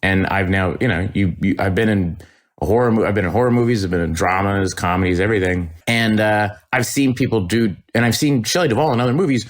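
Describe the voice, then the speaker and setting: A middle-aged man, an actor and comedian, chats casually as a guest. His voice sits very low, and he rambles, restarting sentences and laughing as he goes. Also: fast. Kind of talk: casual anecdotal chat.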